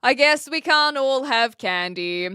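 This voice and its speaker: A woman from New Zealand chatting playfully with her stream viewers. Her voice sits a little high and sounds bright and crisp. The recording is close and dry. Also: expressive, measured pace, no echo. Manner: chatty, playful, self-deprecating, with frequent restarts. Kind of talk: casual live-stream chat answering viewers.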